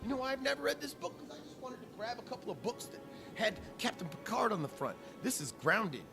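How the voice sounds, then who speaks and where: A man ranting in a casual vlog, swearing constantly and jumping between topics with animated energy. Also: very high voice, brisk. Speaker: vlogger. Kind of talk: profane casual rant. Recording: clear music playing behind.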